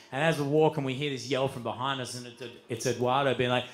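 Animated Australian man telling a wild yarn. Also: medium pitch, fast, hardly any pauses, a little hiss or hum. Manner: animated, loud, swearing, laughing while telling. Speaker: comedian and podcast host. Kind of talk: live stand-up storytelling. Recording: live stage recording.

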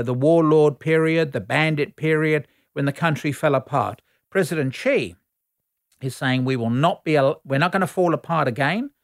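A man speaks as a foreign affairs commentator in a measured, explanatory manner. His voice sits a little high for a man. It is recorded close and dry in a studio. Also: no room sound. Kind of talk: radio interview answers.

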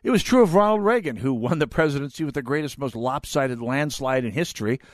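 A man's voice: medium pitch, expressive, fast, no echo, clean studio sound. A man in his fifties hosting a talk radio show, delivering an opinionated monologue that rambles off on tangents and restarts his words. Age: 50s.

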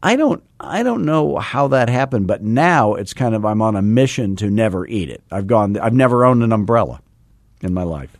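Male sales coach, quick talker, low voice, dry close sound, jokey. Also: sing-song, no room sound. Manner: fast-talking, admits talking too fast; jokey and self-deprecating while instructing. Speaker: real estate sales coach and host. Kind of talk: casual podcast teaching.

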